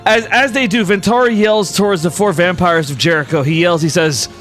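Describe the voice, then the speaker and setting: A young man serves as game master for a tabletop game, narrating the story in an animated way and chuckling now and then. His voice is high-pitched and brisk, with faint music in the background.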